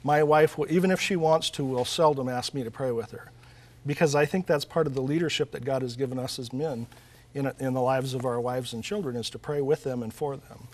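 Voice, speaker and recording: A male author being interviewed, middle in pitch. He talks earnestly and tells stories at a conversational pace, often restarting his sentences as he goes. His speech is warm and sincere rather than polished. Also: brisk. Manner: earnest, storytelling, with frequent restarts. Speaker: author and guest.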